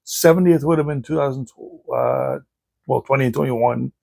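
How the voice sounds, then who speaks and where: A podcast host with a medium-pitched, creaky, mellow voice talks at normal speed, telling funny family stories on a casual show and laughing often. A little hiss or hum sits in the background.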